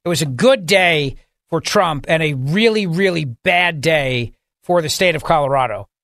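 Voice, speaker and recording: A man hosts a talk radio show in a studio, bantering and commenting casually in an opinionated, jokey, emphatic way. His voice is a little high, animated, creaky, and fairly bright, at a moderate pace, recorded on a studio microphone with no echo.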